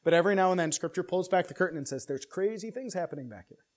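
A man preaching an expository sermon in an earnest way, often restarting and repeating words, and getting louder and higher as he presses a point. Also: animated, rapid-fire. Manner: builds louder and higher when stressing a point.

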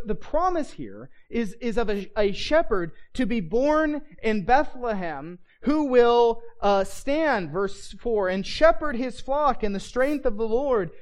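A Bible teacher giving a conversational lesson, often checking in with listeners and reading scripture aloud with stress on key words. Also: mid-range voice. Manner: checks in with listeners, asking "right?"; frequent restarts and filler words.

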